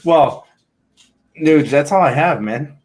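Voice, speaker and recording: A man's voice: fairly high pitch, slow pace, a little mellow, slight background noise. A man hosting a casual interview, laid-back, cutting in with short reactions and casual swearing. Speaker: interview host.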